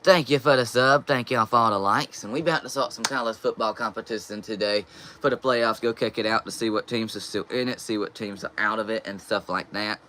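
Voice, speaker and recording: Bright-voiced young man. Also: on the low side, fairly even intonation, a little fast, slight background noise. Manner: reads viewer comments aloud and answers them. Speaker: live stream host. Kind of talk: casual live stream chat, reading comments.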